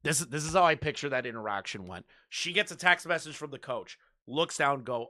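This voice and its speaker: A man hosting a reaction commentary, sarcastic, jumping between loud outbursts and muttered asides. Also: mid-range voice, animated, fairly quick, hardly any pauses, dry recording, studio quality. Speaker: commentary channel host.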